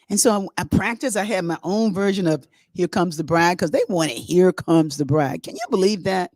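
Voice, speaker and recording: A middle-aged woman hosting, telling a story to her online audience in a lively, chatty, rambling way. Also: mid-range voice, normal speed, no echo, clean studio sound. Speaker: host.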